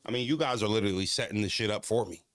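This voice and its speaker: A man's voice: on the low side, very fast, a bit bright, no echo, clean studio sound. A man, chatting casually as a streamer reacting to clips, laid-back and freely swearing.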